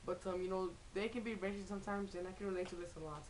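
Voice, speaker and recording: A woman's voice: medium pitch, steady tone, quick pace, darkish tone, a little hiss or hum, rough recording. A young woman in a casual comedy vlog, rambling and swearing with many restarts. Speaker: vlogger.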